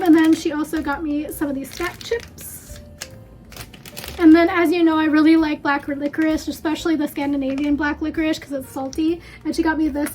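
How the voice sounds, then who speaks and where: A woman's voice: high voice, darkish tone. A woman chatting casually through a haul video at home, rambling with lots of fillers and a bit out of breath. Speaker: beauty vlogger.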